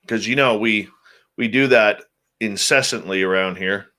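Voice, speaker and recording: A man's voice: on the low side, a little slow, sharp tone. A man hosting a radio show, chatting casually with his live viewers, greeting them by name and muttering asides to himself.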